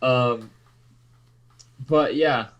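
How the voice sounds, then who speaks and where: A young man on a podcast with a mid-range voice. He stalls with ums while thinking and tosses out quick joking reactions. The tone is loose and conversational. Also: mid-range voice, lo-fi sound. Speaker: podcast co-host. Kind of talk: casual chat.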